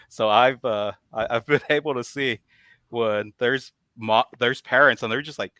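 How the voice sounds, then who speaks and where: A man's voice: mid-range voice, unhurried, bright, forceful tone, no echo. A man hosting a casual chat, reacting to a guest with laughter and loose, rambling sentences. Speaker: host.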